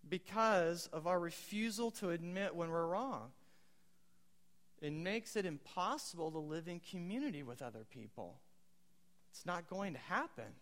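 Preaching casually, a high-voiced male pastor asks his congregation questions and sprinkles in quoted one-liners. The large church hall gives his voice a long, ringing reverb.

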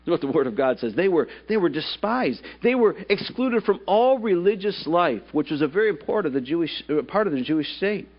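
A man's voice: fairly high pitch, very animated, brisk, hardly any pauses, muffled recording. A male pastor preaching a sermon at a church service, putting rhetorical questions to the congregation.

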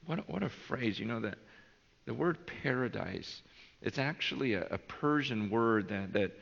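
A man preaching a sermon in an earnest, animated way, often restarting his phrases. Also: mid-range voice, creaky, in a large hall, muffled recording. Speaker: pastor.

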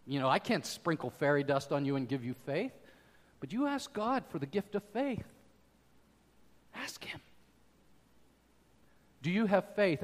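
A man preaching a sermon as pastor, emphatic, swinging from loud declarations to quiet asides. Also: on the high side, big-room sound.

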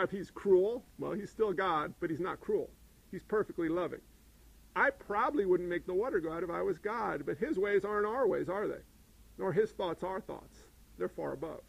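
A man's voice: high voice, animated, normal speed, creaky, breathy edge, low-quality recording. A man preaching a sermon in a conversational way, posing rhetorical questions and repeating phrases to a congregation. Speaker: pastor.

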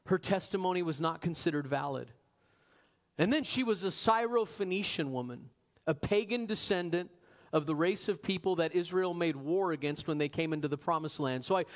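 A man preaching a sermon as pastor, animated, asking the congregation rhetorical questions and slowing down for emphasis. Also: sits high. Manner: varies pace, slows for emphasis.

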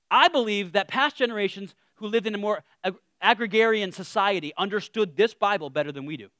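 A man preaching a casual, humorous sermon, animated, with self-deprecating asides that trail off quietly. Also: high voice, a little fast, hardly any pauses, no echo, studio quality.

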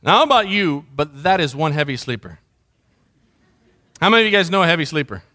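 Middle-aged man, pastor, sermon delivery with a high-set voice, chatty and story-driven. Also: sing-song, brisk, pushed and bright. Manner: conversational storytelling, mimics sounds.

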